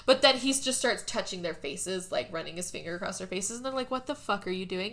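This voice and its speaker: Bright-voiced woman recapping a movie. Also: medium pitch, lively intonation, fast, hardly any pauses. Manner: laughs often, swears freely. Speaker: podcast host.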